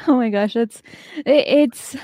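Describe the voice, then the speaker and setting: A woman's voice: on the high side, sing-song, slow, mellow, no echo, studio quality. A woman in casual chat who laughs often and readily agrees with her co-host.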